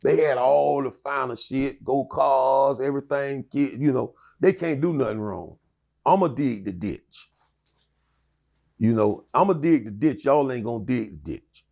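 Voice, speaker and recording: A man's voice: medium pitch, measured pace, gravelly, a little mellow. A middle-aged man telling his life story in an interview, profane and rambling with many restarts. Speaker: interview guest.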